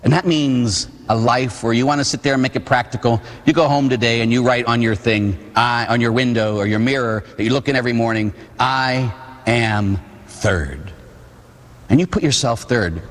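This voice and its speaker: A man's voice: mid-range voice, moderate pace. A Catholic priest in his forties from Pittsburgh gives a sermon full of personal stories, with humorous asides and a habit of tag questions. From Pittsburgh, USA. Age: 40s. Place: church. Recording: long church reverb.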